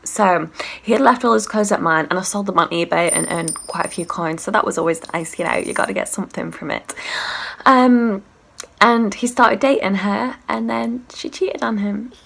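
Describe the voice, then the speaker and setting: Casting: young woman vlogger, brash and animated, gravelly bright voice. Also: medium pitch, normal speed. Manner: brash, sweary, animated storytelling. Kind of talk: storytime vlog.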